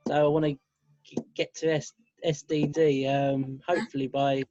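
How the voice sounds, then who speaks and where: A man on a group video call, talking haltingly and hesitantly. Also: on the high side, flat delivery, warm tone, dry recording. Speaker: team member on a group call. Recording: dull, dry call audio.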